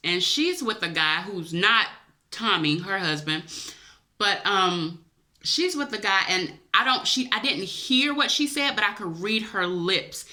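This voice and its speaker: Bright-voiced woman telling a dream story. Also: mid-range voice, lively intonation, measured pace. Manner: emotional, chatty, addresses viewers as y'all. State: teary-eyed. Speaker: vlogger. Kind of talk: personal storytelling to camera.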